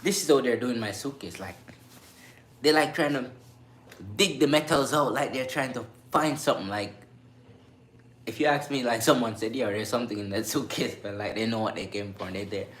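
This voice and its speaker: A man who works on a cruise ship, telling a story to camera in a casual, animated way and acting out sounds and voices. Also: medium pitch, moderate pace. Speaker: cruise ship crew member vlogger. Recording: echoey room with faint background noise.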